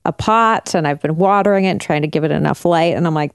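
An animated woman chatting casually on a podcast, swearing freely and leaping up in pitch when she's excited. Her voice sits a little low, recorded close and dry with no room sound. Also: fairly quick, dry recording. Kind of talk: casual chat.

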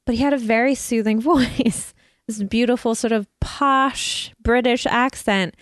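A woman's voice: on the high side, fairly even intonation, a little slow, dry recording, clean studio sound. A woman hosting a podcast, telling a story in a chatty, self-mocking way and laughing often. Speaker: podcast host. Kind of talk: casual chat.

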